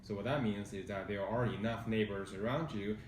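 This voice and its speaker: A real estate agent with a measured, factual delivery, presenting a condo unit indoors. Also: male voice, lowish voice, distant mic, a little hiss or hum. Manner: measured, factual, hesitant fillers. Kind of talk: informative property presentation. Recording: roomy sound from off-mic.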